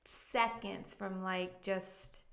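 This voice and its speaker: A woman with a gravelly, creaky voice tells her story in an earnest, emotional way, her pitch staying fairly flat. She speaks as a pastor who is a guest on a podcast, with frequent ums and likes. The recording sits in an echoey room. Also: drawn-out words. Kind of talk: candid personal testimony in a podcast interview.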